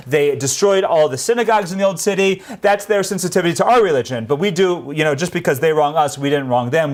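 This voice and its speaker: A man giving an unscripted history talk, telling events as an earnest story and pressing hard on the points he cares about. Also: on the high side. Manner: earnest storytelling, grows emphatic on key points. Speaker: history presenter.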